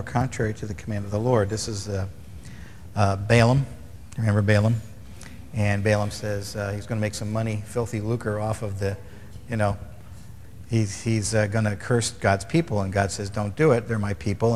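Low-voiced man teaching, echoey hall. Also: a little hiss or hum. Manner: relaxed, wry, reads verses then retells stories. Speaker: Bible teacher. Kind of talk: casual teaching chat.

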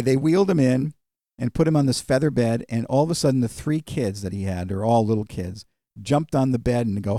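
A man's voice: medium pitch, normal speed, mellow, dry recording, clean studio sound. A male pastor preaching in a conversational storytelling way, with frequent fillers. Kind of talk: sermon.

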